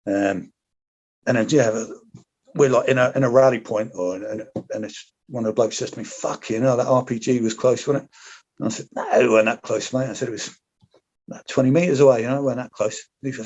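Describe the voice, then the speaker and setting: A British man in a podcast interview, recalling combat in a loose, rambling way, full of swearing, restarts and asides. His voice sits at an ordinary middle pitch. The recording is slightly dull and lo-fi. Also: steady tone, brisk, a little mellow. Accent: British English. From Britain. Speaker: podcast guest, former paratrooper. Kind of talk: casual storytelling.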